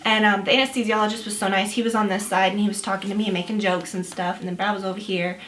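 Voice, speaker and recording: A woman's voice: medium pitch, little pitch movement, racing, a bit bright, a little hiss or hum. A young woman, a new mother, telling a story in a chatty, casual way with lots of fillers and quoted asides. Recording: roomy echo.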